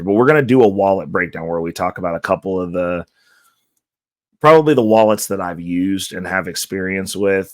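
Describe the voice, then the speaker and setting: A man with a low, dry voice hosts his own crypto channel from close to the mic. He sounds stuffy and his voice is nearly spent. He still rambles along casually, full of fillers and restarts, with an upbeat push toward his viewers. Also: no room sound. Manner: loose and rambling, with many fillers and self-corrections. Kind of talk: casual talk to camera.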